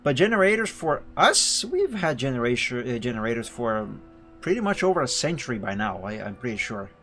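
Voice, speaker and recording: A man on a live stream, reading a visual novel aloud and chatting with viewers in an animated way, often laughing. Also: mid-range voice, fairly quick. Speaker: game streamer. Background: faint game music.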